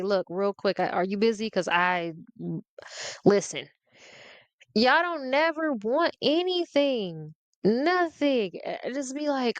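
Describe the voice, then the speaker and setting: A woman's voice: medium pitch, no room sound. A woman hosting her own show, ranting in a casual, sassy and playful way, laughing often as she talks straight to her audience. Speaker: podcast host. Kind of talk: casual comedic rant to the audience.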